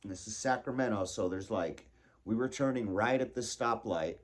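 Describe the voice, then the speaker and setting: A man telling a casual personal story, animated and laughing, acting out his own panicked thoughts. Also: on the low side, moderate pace.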